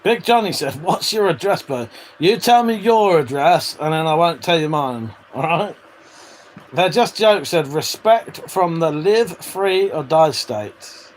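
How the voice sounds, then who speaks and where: A man's voice: a little high, animated, unhurried, slight background noise, rough recording. Chatty man hosting a stream. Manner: chatty, swears freely, laughs often. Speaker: livestream host reading chat. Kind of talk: casual live-stream chat.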